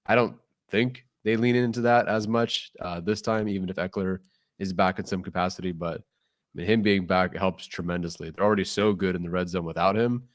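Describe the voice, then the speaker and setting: A man's voice: deep voice, steady tone, fairly quick, dry recording, studio quality. A man co-hosting a casual sports podcast, speaking with confident, upbeat analysis. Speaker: podcast co-host.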